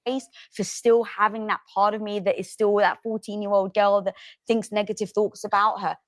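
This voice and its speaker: A woman hosting an interview, telling stories in an animated, emphatic way and swearing for emphasis. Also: mid-range voice, normal speed, dry recording, studio quality. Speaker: podcast host. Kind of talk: interview conversation.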